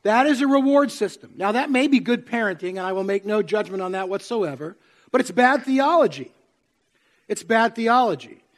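A man with a notably high-pitched voice delivers a sermon to a congregation in a church sanctuary. He talks in a conversational way and keeps checking in with his listeners through questions. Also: lively intonation, brisk. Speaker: pastor.

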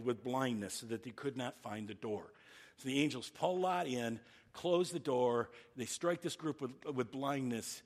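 A man preaching a sermon in an earnest, halting way, often restarting his phrases. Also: mid-range voice. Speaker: pastor.

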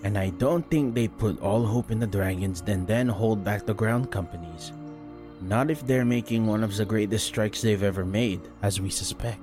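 A man voicing a fearless small Kithkin man, a calm and measured strategist laying out his reasoning, over background music. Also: lowish voice, lightly acted. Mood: grave. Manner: measured, explaining. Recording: fantasy audiobook with music bed.

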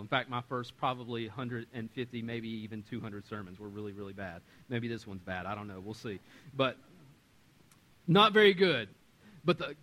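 Bright, animated male pastor preaching. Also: medium pitch, low-quality recording. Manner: animated, self-deprecating humor, acts out quotes. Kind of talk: sermon. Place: church sanctuary.

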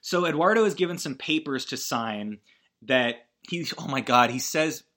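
A man casually recapping a film, rambling and animated, acting out the characters' lines and swearing freely. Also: mid-range voice, moderate pace. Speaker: podcast host recapping a film.

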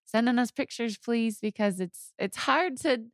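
A woman's voice: a little high, unhurried, no room sound, studio quality. A woman in her thirties co-hosting a podcast, telling family stories in a chatty way and laughing often. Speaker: podcast co-host. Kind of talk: casual chat.

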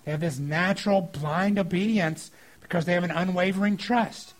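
A middle-aged man preaching a sermon as pastor, telling family stories in an animated way and acting out children's voices. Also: sits high, normal speed. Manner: animated storytelling with acted-out kid voices.

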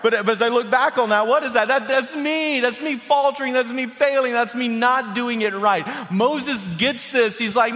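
A male pastor preaching a sermon with animated delivery, often repeating words as he builds his points. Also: high voice, normal speed, in a large hall.

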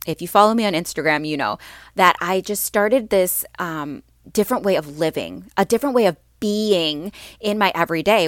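A woman's voice: lowish voice, a bit bright, no room sound, studio quality. A woman hosting a casual solo podcast as a mindset coach, upbeat and chatty with lots of ums, her voice a little stuffy. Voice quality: slightly stuffy, clearing her throat.

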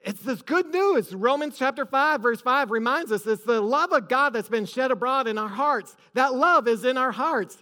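High bright-voiced man preaching. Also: lively intonation, moderate pace, hardly any pauses. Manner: preaching with rising emphasis. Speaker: pastor. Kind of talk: sermon. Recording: echoey large hall.

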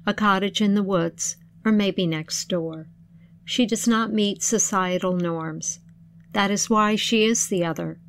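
A woman narrating an old folk tale in a measured, expressive storytelling voice, then reflecting on its meaning. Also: mid-range voice.

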